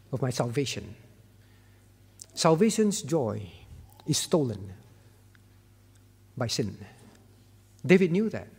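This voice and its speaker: A man with a high voice preaches a sermon in a church, with his words ringing out in a long hall reverb. He is emphatic, repeats his key words and swings from quiet, low lines to loud ones. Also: breathy edge. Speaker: pastor. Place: church sanctuary.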